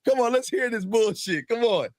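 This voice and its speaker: A man hosting a casual reaction podcast, ranting in a loud, crude and animated way. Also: extremely high pitch, normal speed. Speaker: podcast host.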